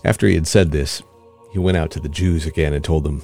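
A man giving an expressive, storytelling scripture reading as the show's reader. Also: extremely low pitch, a little fast, creaky, soft background music.

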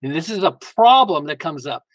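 Guest male, high voice, emphatic and lively, tells stories, dry close sound. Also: moderate pace, no room sound, low-quality recording. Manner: emphatic, lively storyteller with frequent restarts. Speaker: guest author. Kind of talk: casual interview talk.

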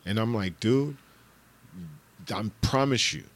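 A middle-aged man hosting a podcast, rambling in casual chat, laughing and swearing, with bursts of shouted impressions. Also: fairly low pitch, slow. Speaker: podcast host.

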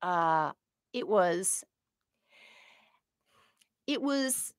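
A middle-aged woman co-hosting a casual chat, telling an emotional story in an animated way. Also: on the low side, very slow, no echo, clean studio sound. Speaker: podcast co-host.

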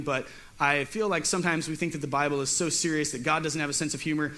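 A man's voice: a little high, steady tone, fast, bright, forceful tone. Chatty, joking youth pastor, a man. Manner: chatty and joking, often repeats words. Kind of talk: casual Bible lesson.

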